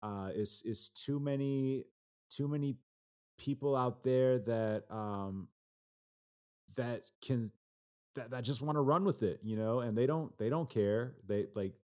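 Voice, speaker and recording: A man who is a rapper, speaking as a guest on a casual podcast in a relaxed, hesitant way. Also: mid-range voice, measured pace. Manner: relaxed, hesitant, many fillers and restarts.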